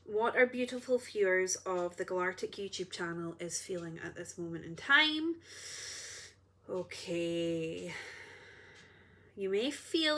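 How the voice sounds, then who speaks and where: A woman, an energy healer, talking casually and earnestly to her viewers, rambling and interrupting herself. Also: fairly high pitch. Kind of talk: casual spiritual vlog.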